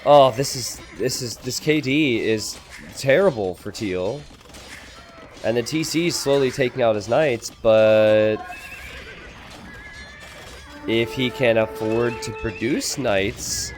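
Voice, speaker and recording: A man giving casual strategy game commentary, excitable, laughing and exclaiming at players' blunders. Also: mid-range voice, takes it slowly, pauses often, faint music behind.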